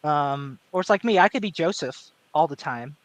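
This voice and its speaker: A man talks in a casual panel chat in an articulate, measured way, with no regional accent. His voice sits high for a man. The sound is dry and close-miked. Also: expressive, no echo. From American South. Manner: articulate, measured, with many fillers and restarts. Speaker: panel guest.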